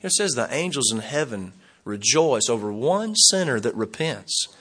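Animated older male preacher, bright voice. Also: medium pitch, moderate pace, husky. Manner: animated, folksy, chuckles often, acts out quoted dialogue. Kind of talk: sermon.

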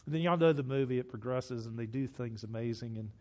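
A man, a pastor delivering a sermon who tells a story and drops to a hush for quoted lines. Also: mid-range voice, fast.

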